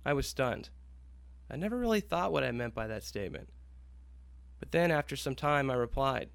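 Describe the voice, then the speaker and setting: Smooth-voiced man narrating a story. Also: medium pitch, moderate pace, no echo.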